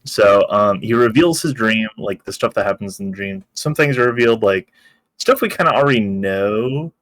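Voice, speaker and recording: A man's voice: fairly low pitch, expressive, normal speed, fairly bright tone. A man co-hosting a podcast, recapping an episode in loose, joking, profane chat. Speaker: podcast co-host.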